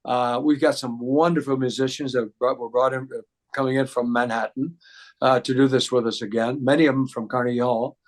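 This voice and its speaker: A man's voice: mid-range voice, steady tone, brisk. Male entertainer, mid-range voice, loose rambling interview talk. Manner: rambling, many fillers and restarts. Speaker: guest singer and impressionist. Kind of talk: casual storytelling interview.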